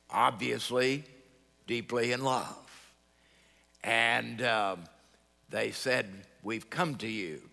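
Man preaching a sermon, lowish voice with a bright edge, long hall echo behind him. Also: gravelly. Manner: storytelling, quoting both sides of a conversation. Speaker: pastor.

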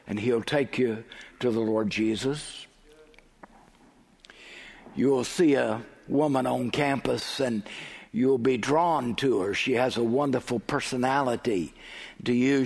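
A man preaching a sermon, telling a story with dramatic turns and dropping to a near whisper at times, in a church. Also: medium pitch. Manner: dramatic storytelling, drops to a hush. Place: church or chapel. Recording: long hall reverb.

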